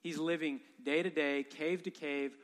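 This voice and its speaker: Man preaching a lively sermon in a hall. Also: fairly high pitch, unhurried. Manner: humorous, animated storytelling. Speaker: pastor. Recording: long hall reverb.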